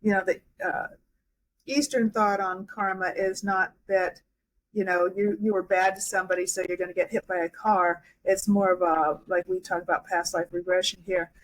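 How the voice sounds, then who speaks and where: A woman's voice: fairly low pitch, little pitch movement, normal speed, poor audio. A woman speaking as a podcast guest, a hypnotherapist and life coach, talking reflectively with frequent restarts and fillers. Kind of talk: casual interview talk.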